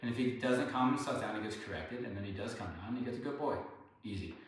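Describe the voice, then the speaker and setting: Male dog trainer, calm explaining voice, sing-song praise for dogs, very roomy echo, steady noise behind. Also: fairly low pitch, fast. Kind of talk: hands-on training lesson while grooming dogs. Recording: echoey room, distant mic, background noise.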